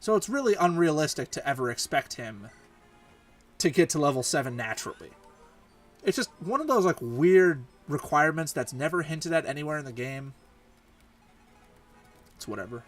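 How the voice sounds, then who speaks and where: A man's voice: a little high, animated, moderate pace, long pauses. A man giving let's play commentary, chatty and thinking aloud as he plays. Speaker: gaming channel host. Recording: distant mic with faint game music. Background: game music.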